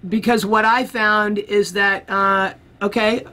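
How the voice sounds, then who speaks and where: A man's voice: high-pitched, slow pace. Rambling male musician telling a story. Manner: animated storyteller who acts out the people he quotes; rambling, with many restarts. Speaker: interview guest, musician. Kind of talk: casual storytelling in an interview.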